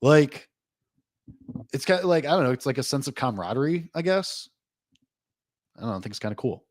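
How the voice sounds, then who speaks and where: Guy hosting a live betting stream, rambly, says like a lot, medium pitch, dry close sound. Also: fairly quick, dry recording. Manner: rambling, loose, heavy use of "like"; excitable swings between lively and low asides. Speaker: host. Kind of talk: live sports betting reaction chat.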